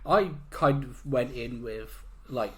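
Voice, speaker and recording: A man's voice: medium pitch, takes it slowly, a bit bright. A man co-hosting a podcast, easygoing and agreeable as he gives his take on a film. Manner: easygoing, agreeable, short backchannels. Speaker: podcast co-host. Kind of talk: casual film review chat.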